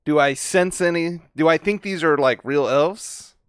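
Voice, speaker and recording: A man's voice: a little high, smooth, dry recording, clean studio sound. A man playing a tabletop game, casual and joking. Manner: joking, quick to laugh. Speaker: player.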